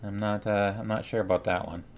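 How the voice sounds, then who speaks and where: A man's voice: lowish voice, little pitch movement, fairly quick, a little hiss or hum. A man chatting casually on a live stream, greeting viewers one by one and talking playfully to his dog at home.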